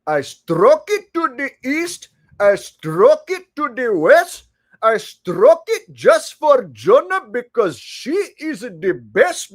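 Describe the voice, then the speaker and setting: Put-on indian accent, loud deadpan reading, slow, guy doing a voice. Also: very high-pitched, exaggerated voice. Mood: playful. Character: man reciting rap lyrics in a put-on Indian accent.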